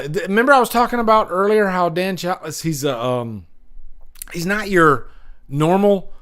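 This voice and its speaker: A man hosting a casual livestream, rambling and chuckling often as he reads out jokes. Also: high voice. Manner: wanders between loud and hushed. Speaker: livestream host. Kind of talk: casual live chat.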